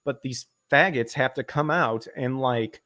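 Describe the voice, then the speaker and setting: A man in casual podcast chat, ranting and swearing, his pitch jumping up when he gets worked up. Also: a little slow, bright, forceful tone, no room sound, clean studio sound. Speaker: podcast host.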